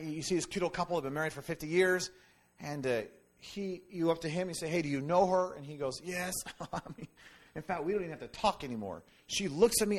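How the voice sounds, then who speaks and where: A man preaching a sermon in an animated, conversational way, with jokes and quick asides to the congregation. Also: fairly high pitch. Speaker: pastor.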